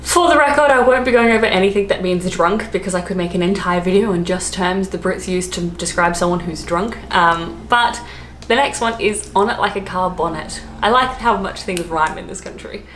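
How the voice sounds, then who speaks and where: A woman's voice: on the low side, normal speed, fairly bright tone. Chatty Australian woman in an echoey room. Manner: chatty and playful, laughing between points. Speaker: vlogger. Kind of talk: casual explainer vlog. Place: home during lockdown. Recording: echoey room, faint background hiss.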